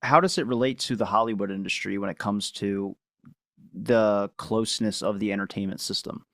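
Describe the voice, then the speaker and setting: A man hosting a podcast, cutting in with quick questions in a casual interview. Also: fairly low pitch, gravelly, dry recording, clean studio sound. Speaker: podcast host.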